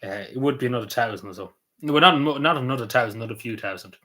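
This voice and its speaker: A man's voice: medium pitch, very fast, bright, forceful tone. An Irish man streaming a casual chat. He rambles loosely, with lots of ums, uhs and likes. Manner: meandering, full of ums and likes.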